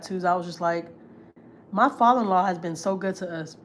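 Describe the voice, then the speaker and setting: A woman's voice: on the low side, quick pace, slight background noise. A woman, a family vlogger, tells gossip on a livestream in a blunt, heated, profane way. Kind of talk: casual storytelling, gossip.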